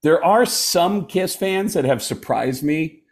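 Speaking slowly in a slightly high voice, this middle-aged man, a stand-up comedian, chats casually and animatedly, performing the voices of the characters in his stories.

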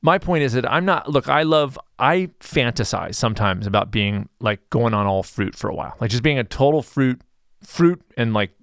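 A man's voice: mid-range voice, expressive, normal speed, creaky, fairly bright tone, no room sound, clean studio sound. A man hosting his own podcast, talking through a casual solo monologue that rambles, with frequent restarts and asides. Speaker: podcast host.

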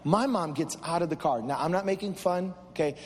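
A male pastor preaching a sermon, telling a story that builds into fervent shouted refrains. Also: a little high, brisk, in a large hall, slight background noise. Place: large church.

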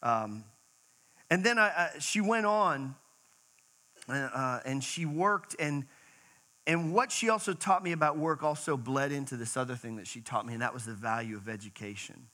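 A middle-aged man giving an emotional church talk, speaking haltingly with many fillers and restarts, his voice wavering. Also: medium pitch, sharp tone, low-quality recording.

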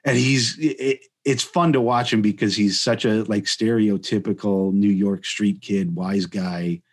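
A man's voice: on the low side, fairly even intonation, a little slow. A man from Chicago hosting a casual podcast chat, rambling with many restarts. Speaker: podcast host.

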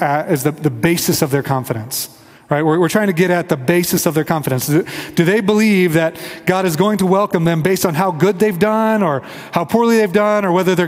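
A man's voice: a little high, darkish tone, big-room sound. A man from the Kansas City area, preaching a conversational sermon and leading prayer as pastor. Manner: earnest, conversational, acts out quoted voices. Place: church sanctuary.

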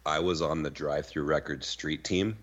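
A man's voice: a bass voice, moderate pace. A man co-hosting a podcast, telling stories in casual chat with a lot of swearing and filler words. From Arizona, US. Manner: animated storytelling, heavy swearing, lots of "like". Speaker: podcast co-host.

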